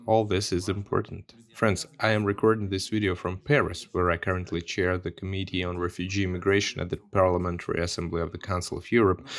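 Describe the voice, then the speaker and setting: A man, a member of parliament, giving an earnest video statement and repeating his key points for emphasis. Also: sits low. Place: recorded separately from the studio.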